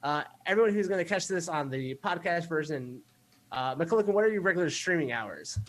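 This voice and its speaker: A man hosting a podcast, talking in a relaxed way with filler words. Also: fairly high pitch, fairly quick. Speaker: podcast host. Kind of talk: casual podcast chat.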